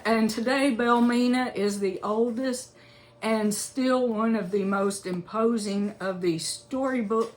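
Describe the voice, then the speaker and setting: A woman's voice: mid-range voice, slight background noise. A woman, reading a local history book aloud in a chatty way, with asides and self-corrections. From Alabama, US.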